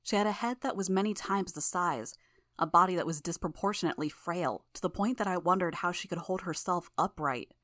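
A woman narrating a fan audiobook in the first person with a measured, even reading. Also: fairly low pitch, dry recording.

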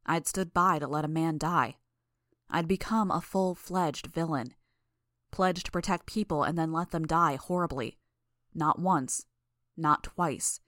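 Audiobook narrator: woman, deep low voice, steady measured read, dry close sound. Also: no echo. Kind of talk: first-person audiobook narration.

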